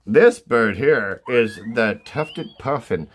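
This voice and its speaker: A man's voice: medium pitch, animated, takes it slowly. A man talks through a bird sound book in a loose, profane, mock-serious way, drifting into jokey asides. The recording is noisy, with recorded bird calls playing behind him. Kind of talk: irreverent comedic commentary. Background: bird calls played from a sound book.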